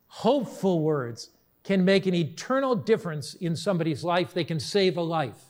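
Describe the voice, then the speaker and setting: A middle-aged man preaches in a fairly high, clear register. He tells his stories earnestly and slows right down on the key words. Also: lively intonation, a little mellow. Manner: earnest storytelling, slows for emphasis. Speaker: pastor. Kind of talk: sermon.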